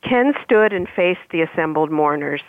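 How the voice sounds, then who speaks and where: A woman author in an interview, speaking thoughtfully with halting pauses, then reading aloud from her own novel. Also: low voice, expressive, no echo. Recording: tinny phone line.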